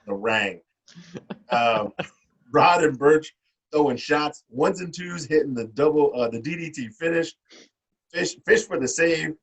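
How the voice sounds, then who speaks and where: A man's voice: a little high, lively intonation, measured pace, pauses often, recorded from a distance, low-quality recording. A man hosting a casual wrestling podcast, cursing freely as he reads his shorthand match notes. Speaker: podcast host.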